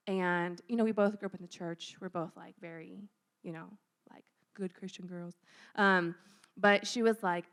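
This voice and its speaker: A woman's voice: medium pitch, fairly even intonation, fairly quick. A young woman giving a casual, chatty sermon in a church room, saying "like" a lot and acting out little scenes. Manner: chatty, says "like" often, acts out little scenes. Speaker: youth speaker at church.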